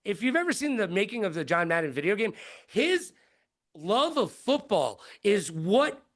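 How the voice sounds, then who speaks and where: A middle-aged man, a broadcaster, telling stories in an interview with lively quoted voices. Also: moderate pace. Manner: lively, jumps into high-pitched quoted voices. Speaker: guest broadcaster. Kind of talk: animated storytelling in an interview.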